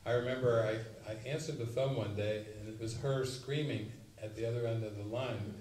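A man giving a spiritual retreat talk, telling stories and acting out quotes with sudden loud bursts. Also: medium pitch, fairly even intonation, brisk. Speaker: spiritual teacher. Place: retreat meeting room. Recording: roomy, mic at a distance, faint noise.

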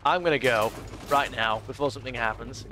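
A man's voice: mid-range voice, brisk, sharp tone, soft background music. A man streaming a video game, giving chatty, often exasperated commentary. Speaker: gaming streamer. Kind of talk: casual gameplay commentary.

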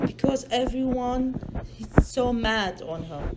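A woman's voice: fairly high pitch, big pitch swings, slow pace, very noisy. A mother reading a picture book aloud to her child, stopping often to ask patient, coaxing questions in simple non-native English.

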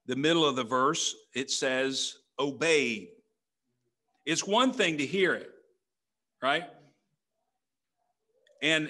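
A man's voice: on the high side, bright, forceful tone. A middle-aged man, a pastor, preaching a conversational sermon in a church, full of rhetorical questions. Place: church sanctuary.

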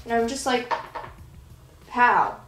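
A woman's voice: on the high side, lively intonation, slow pace, a little hiss or hum. A young woman vlogger chatting casually while she paints, rambling and giggly, filling her talk with "like". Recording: echoey room with soft background music.

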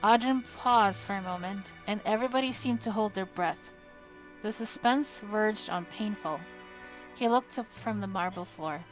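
A woman reads a fantasy novel aloud for her live stream, measured and dramatic. Faint music plays quietly behind her voice. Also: medium pitch. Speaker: audiobook reader on a live stream. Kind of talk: audiobook narration. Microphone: home streaming microphone.

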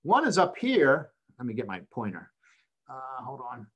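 A man's voice: medium pitch, huge pitch swings, a little slow, fairly bright tone, slightly rough, lo-fi sound. Older man lecturing in an online seminar. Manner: explanatory, uses rhetorical questions and "right?" checks. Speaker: accounting professor.

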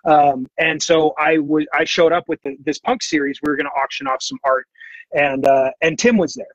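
A man's voice: on the high side, moderate pace, no echo, muffled recording. Chatty man telling a rambling story. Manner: rambling, full of fillers and restarts. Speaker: podcast guest, artist. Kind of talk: casual storytelling.

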